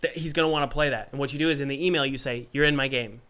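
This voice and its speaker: A man with a cold, coughing now and then, hosts a casual livestream and gives game development advice in an energetic, rambling, jokey way. His voice is a little high and racing.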